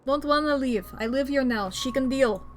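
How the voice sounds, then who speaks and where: A woman's voice: high voice, moderate pace, background noise, lightly acted. Woman doing a curt Russian-accented male goat. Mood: gruff. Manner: put-on Russian accent, curt clipped phrases. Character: gruff little male goat, content and stubborn.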